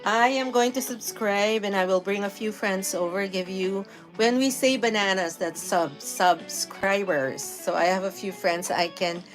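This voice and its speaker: A woman's voice: mid-range voice, moderate pace, few pauses. A middle-aged woman from the Philippines with a light Filipino accent, chatting on a live stream and greeting viewers by reading out their comments. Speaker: livestream host. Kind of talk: casual live-stream chat. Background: faint guitar music.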